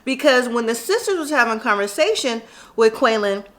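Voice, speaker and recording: A woman with a high voice recaps a reality show episode in a casual, chatty way. She is opinionated and talks straight to the people on screen as if giving them advice. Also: lively intonation, normal speed, fairly bright tone. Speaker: TV recap vlogger.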